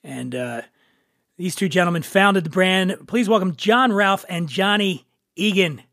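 High-voiced playful male podcast host. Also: unhurried, pushed and bright, dry recording, studio quality. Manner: jokey, playful, teasing. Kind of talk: casual podcast chat.

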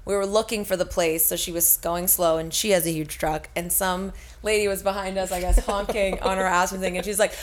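A woman's voice: on the low side, steady tone, fairly quick, few pauses, noisy background. Laughing woman in casual chat.

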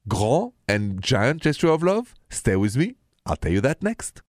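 A man's voice: on the low side, darkish tone, no room sound, studio quality. A man, hosting a call-in radio advice show, explaining things and teasing what comes next. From France. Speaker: radio relationship advice host.

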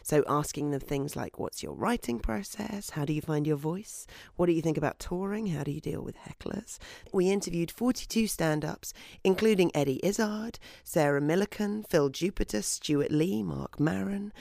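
Creaky-voiced woman podcast host. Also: lowish voice, normal speed, hardly any pauses, darkish tone, no echo, clean studio sound. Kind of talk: scripted podcast outro.

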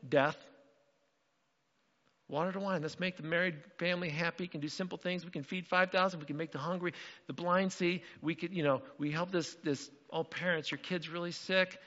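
A man preaching a sermon as pastor, animated and acting out the voices in the story. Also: sits high, long reverb tail, lo-fi sound. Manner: animated, acts out quotes.

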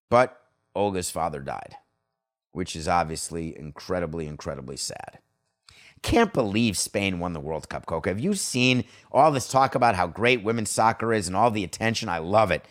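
A middle-aged man hosting a sports podcast, talking bluntly and conversationally with strong opinions. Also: fairly low pitch. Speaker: podcast host. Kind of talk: solo sports talk podcast.

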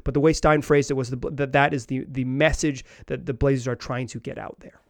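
A man's voice: medium pitch, steady tone, brisk, dry recording, clean studio sound. A man hosting a sports podcast, talking casually and rambling with many restarts and fillers. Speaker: podcast host.

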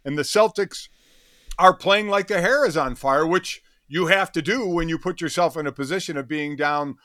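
A man's voice: on the high side, normal speed, pushed and bright, dry recording, studio quality. A middle-aged man co-hosting a sports talk show, easygoing and self-mocking. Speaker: co-host.

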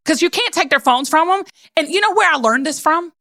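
A woman with a Southern accent hosting a podcast, chatting in a gushing, animated and folksy way. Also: very high voice, brisk, no room sound, studio quality. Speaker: podcast host. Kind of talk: casual chat.

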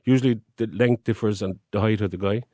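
A middle-aged man with a Cork Irish accent talks as a guest in a relaxed chat. His voice sits low and mellow. He explains earnestly and proudly, and the sound is close and dry. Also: fairly quick, no echo. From Cork, Ireland. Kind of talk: casual conversation.

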